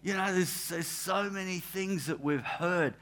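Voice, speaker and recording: A man, a pastor giving a relaxed, anecdotal sermon in church, with asides and restarts. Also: sits high, measured pace. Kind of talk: conversational sermon.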